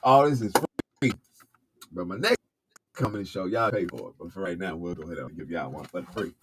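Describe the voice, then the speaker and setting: A man's voice: deep voice, fairly quick, background noise. A man co-hosting a casual talk show, playful and joking with the audience.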